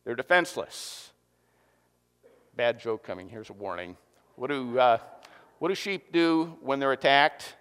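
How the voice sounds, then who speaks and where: A man preaching a sermon to a congregation, joking and lively, with asides to the audience. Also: mid-range voice, measured pace, long pauses, smooth. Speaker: pastor. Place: church hall. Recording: long hall reverb.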